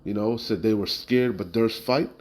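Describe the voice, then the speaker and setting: This preacher reads verses from the Bible, then interprets them street-style, blunt and emphatic, with many "you know?" asides and some swearing. He speaks on the low side at a moderate pace with a darkish tone, on a low-quality recording.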